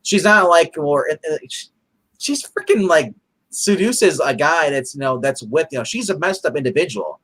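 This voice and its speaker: A man co-hosting a casual comic review chat, excitable and rambling, often restarting his sentences. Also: on the high side, moderate pace.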